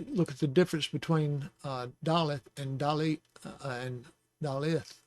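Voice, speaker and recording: A man's voice: on the high side, steady tone, no room sound. A man teaching the Hebrew alphabet in a patient, casual lesson, with small jokes and chuckles along the way. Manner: slow, patient, joking asides with chuckles.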